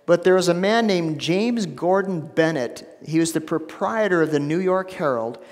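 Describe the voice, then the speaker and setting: A man preaching a sermon as pastor, emphatic, repeating phrases and dropping to a hushed low voice for stress. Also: expressive, normal speed, long reverb tail. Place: church sanctuary.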